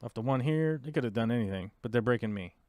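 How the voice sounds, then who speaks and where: Animated and quick, this streamer's mid-range, darkish voice narrates his moves as he plays a strategy game live. He thinks aloud casually, tosses in wry, sarcastic remarks, and walks viewers through the controls.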